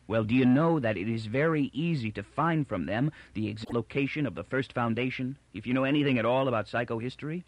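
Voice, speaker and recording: A man's voice: medium pitch, quick pace, few pauses, dry recording, natural voice. A man voicing a frail, aging male psychologist who talks in a peevish, insistent way.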